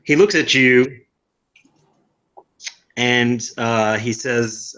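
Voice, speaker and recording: A young man narrating as game master of a tabletop game, halting with many fillers and restarts. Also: medium pitch, fairly bright tone, poor audio.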